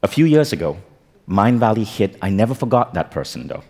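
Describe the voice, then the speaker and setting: Keynote speaker, man, forties, low-ish voice, animated comic storyteller. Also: a little fast. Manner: animated, comic, acts out quotes. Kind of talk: storytelling stage talk. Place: conference stage.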